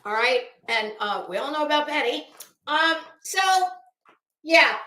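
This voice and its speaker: A woman hosts a casual livestream in a bright, high voice. She is chatty and opinionated and speaks directly to her chat. The room around her gives a noticeable echo. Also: a little slow. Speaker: livestream commentary host. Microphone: phone.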